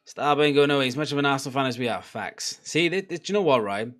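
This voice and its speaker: A man's voice: mid-range voice, lively intonation, quick pace, fairly bright tone. A young man giving a casual live reaction to a football match, chatty and laughing, swearing and urging on the players. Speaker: football watchalong streamer.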